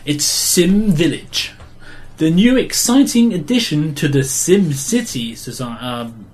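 A man's voice: a little high, lively intonation, slow, a little mellow. A man from England co-hosting a casual gaming chat, blunt and sarcastic as he rants about game publishers. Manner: blunt, opinionated, sarcastic ranting. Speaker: podcast co-host.

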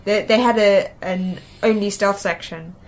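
A woman's voice: mid-range voice, fairly even intonation, a little slow. A woman from England with a light Essex-tinged accent, co-hosting a casual gaming chat, rambling with lots of ums and restarts. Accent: Essex-tinged English. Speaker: podcast co-host.

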